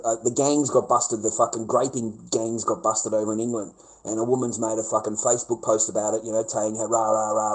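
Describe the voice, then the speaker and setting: A man's voice: mid-range voice, a little mellow, low-quality recording. Sneering, foul-mouthed Australian man ranting. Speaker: vlogger. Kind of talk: profane ranting monologue.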